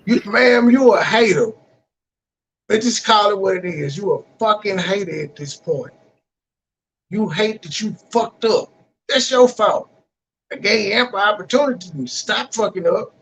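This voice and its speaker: Male streamer, confrontational and profane, high husky voice. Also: moderate pace, a bit bright, poor audio. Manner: combative, profane, calling out rivals. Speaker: livestream host. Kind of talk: heated livestream call-in talk.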